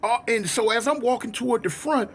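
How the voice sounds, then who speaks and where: A man's voice: extremely high pitch, a little fast. A man telling a wild street story casually, full of slang, dramatic asides and acted-out dialogue. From United States. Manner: animated, slangy, dramatic retelling.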